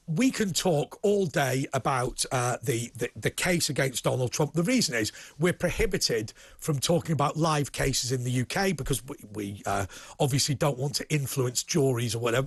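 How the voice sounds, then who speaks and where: A middle-aged British man hosting a political TV interview, animated and prone to restarting his sentences. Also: medium pitch, husky, no echo. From United Kingdom. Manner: animated, repeats words when starting sentences. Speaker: TV host and political commentator. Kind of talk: casual studio interview.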